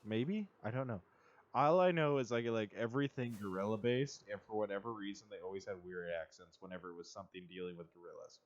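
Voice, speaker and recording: A man's voice: lowish voice, fast talker, lo-fi sound. A man streaming a block-building game, rambling in a self-amused way and chatting to the creatures he meets. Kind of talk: casual gameplay commentary.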